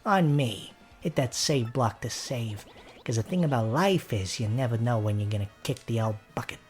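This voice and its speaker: A man voicing a gruff, wry male dockside local with a grim sense of humour. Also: mid-range voice, lively intonation, moderate pace, soft background music, close to an everyday voice.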